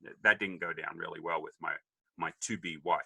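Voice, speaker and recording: A man's voice: low voice, steady tone, normal speed, creaky, bright, forceful tone, slightly rough, no room sound, low-quality recording. A man in his fifties with an Australian accent, telling a joking story as a podcast guest and acting out the people in it. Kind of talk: casual storytelling.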